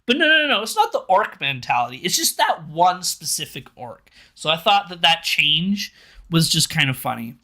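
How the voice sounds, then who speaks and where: A streamer casually reviewing a show live, animated and incredulous, laughing often. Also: medium pitch, moderate pace.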